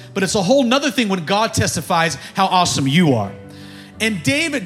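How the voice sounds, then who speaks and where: A man preaching a sermon to his church, energetic and rising into shouts, calling to the congregation. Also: high-pitched. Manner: energetic preaching, bursts of shouting, call-and-response. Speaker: pastor. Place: church sanctuary.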